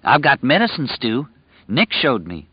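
A man's voice: medium pitch, very animated, unhurried, slightly rough, dry recording, pitched above the performer's own voice. Man doing a raised, earnest childlike grown man, insistent and repetitive, dull dry audiobook sound. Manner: urgent, insistent, repeating himself.

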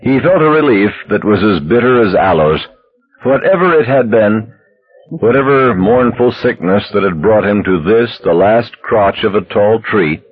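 A man narrating an audiobook in a steady, measured storytelling manner, on a dull lo-fi recording. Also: fairly low pitch, breathy edge.

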